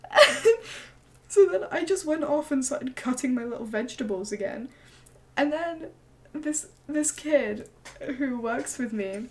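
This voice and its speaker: A young woman streamer with a voice on the high side spins a story in casual chat. She's animated and swears freely while acting out people's words.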